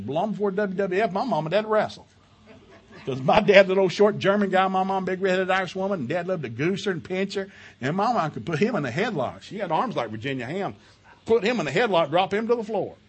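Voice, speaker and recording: A middle-aged man preaching at a marriage seminar, telling loud, animated family stories between scripture readings. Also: fairly quick, husky. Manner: loud and animated, with big jumps in pitch and volume and laughter at his own stories; folksy storytelling mixed with scripture reading. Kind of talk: sermon.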